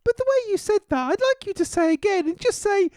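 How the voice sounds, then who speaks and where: Teasing man in his forties, high voice. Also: expressive, quick pace, a little mellow, no room sound. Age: 40s. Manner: teasing, childish jokes and interruptions. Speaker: podcast co-host. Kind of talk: casual chat.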